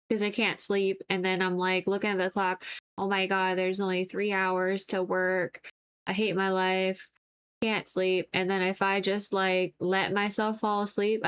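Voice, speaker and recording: A young adult woman streaming as she paints, chatting in a relaxed, rambling way with lots of "like". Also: medium pitch, smooth. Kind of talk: casual chat while painting on stream.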